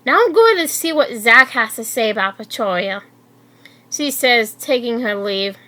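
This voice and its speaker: A woman reading a fan story aloud in an unhurried, slightly halting way. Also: on the high side, animated, pushed and bright.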